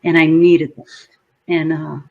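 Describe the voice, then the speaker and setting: A woman guest in an interview, telling her story in a lively way and acting out her own past words. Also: sits low, a little slow, vocal fry, muffled recording.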